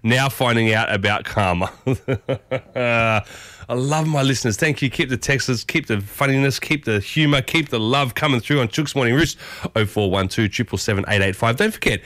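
Man, Australian accent, solo morning radio host, chatty and excitable, dry close studio sound. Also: normal speed, no room sound. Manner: chatty, upbeat, excitable with sudden high bursts. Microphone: studio microphone.

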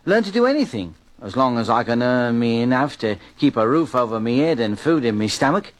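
A man's voice: mid-range voice, big pitch swings, brisk, close to an everyday voice. An actor playing a poor, wry drifter who narrates his own tale, in 1940s radio style. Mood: storytelling. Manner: wheedling, folksy storyteller.

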